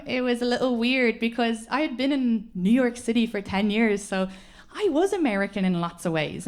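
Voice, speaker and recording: An Irish woman in her thirties performing a stand-up comedy set, telling stories quickly and animatedly, often laughing along. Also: fairly high pitch. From Ireland. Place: comedy club stage with an audience. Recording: live stage mic with audible audience laughter.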